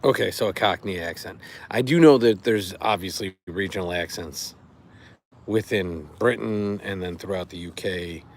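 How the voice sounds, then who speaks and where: Here the Chicago-area streamer, a middle-aged man from the USA, talks at normal speed in a low-pitched voice, with a little hiss or hum in the recording. He stays relaxed and chatty, rambling to his viewers with filler words.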